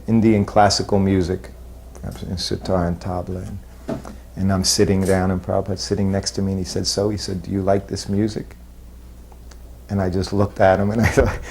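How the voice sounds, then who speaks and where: A man recalling old memories in an interview, halting and self-deprecating, with soft chuckles. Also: fairly low pitch, vocal fry. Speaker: former disciple recalling memories. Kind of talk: reminiscing interview.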